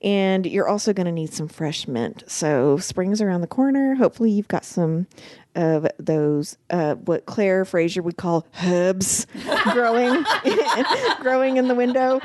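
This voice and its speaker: A woman co-hosting a relaxed podcast chat, her voice rising and falling in a lively way. She laughs often and swears freely as she talks. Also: medium pitch, measured pace, a little hiss or hum. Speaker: podcast co-host. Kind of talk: casual chat.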